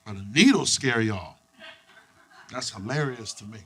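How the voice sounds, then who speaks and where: A young man performing a stand-up comedy set, loud and profane, working the crowd with lively back-and-forth. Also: medium pitch, measured pace, husky. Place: comedy club stage with live audience. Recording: noisy live club recording.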